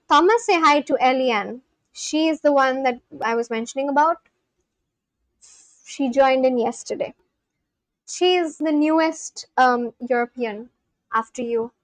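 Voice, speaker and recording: A young woman hosting a livestream, chatting casually with viewers, laughing often and correcting herself with quick apologies. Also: sits high, no room sound. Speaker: livestream host. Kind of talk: casual chat reading live chat aloud.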